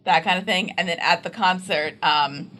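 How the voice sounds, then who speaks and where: A woman's voice: fairly low pitch, normal speed, background noise. A woman co-hosting a reaction show, recapping an episode in rambling casual chat full of "like" and "kind of". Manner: rambling, hedging with fillers like "like" and "kind of".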